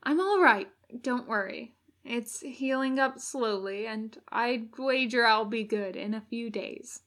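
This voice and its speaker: A woman voicing a fussy male angel who coaxes and reassures gently. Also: fairly high pitch, slow pace. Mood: reassuring. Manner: coaxing, gently bossy.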